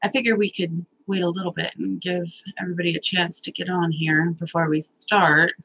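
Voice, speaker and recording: Husky-voiced young woman chatting on a live stream. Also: fairly low pitch, little pitch movement, fairly quick, fairly bright tone, rough recording. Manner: chatty, self-deprecating, nervous; swears casually. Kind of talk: casual live stream chat.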